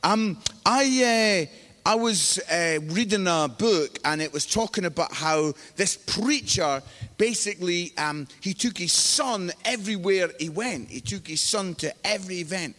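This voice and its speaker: A man from the UK preaches with a notably high voice, spinning self-mocking stories and acting out the people in them. He sounds middle-aged, and his words ring on in a large reverberant hall. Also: expressive, a little slow, a bit bright. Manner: chatty, self-mocking, acts out quoted voices. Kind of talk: sermon with humorous storytelling. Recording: live hall with long reverb.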